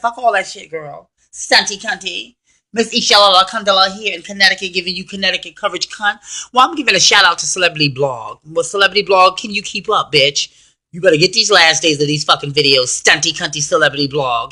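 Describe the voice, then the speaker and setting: Brash, profane diva woman, put on by a man, high and sharp-toned, trash-talking with attitude. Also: exaggerated voice. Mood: sassy. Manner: loud, profane, sassy trash talk. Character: brash foul-mouthed sassy diva woman. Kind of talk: self-interview persona rant.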